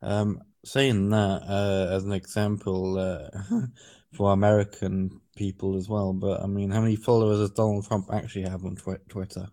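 A man's voice: on the low side, flat delivery, normal speed, dark tone. A man hosting a casual podcast chat, hesitant and trailing off mid-sentence. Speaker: podcast host.

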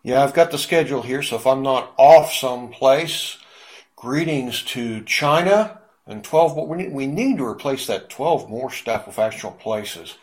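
A man's voice: medium pitch, expressive, a little slow, breathy edge. A man hosting a casual group chat, rambling with many fillers and restarts.

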